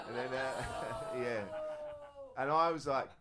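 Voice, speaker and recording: A man's voice: mid-range voice, fast, background noise. A middle-aged man, a comedian telling a rambling story on a live comedy panel, often laughing at his own jokes. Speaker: comedian and house player. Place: live venue with audience.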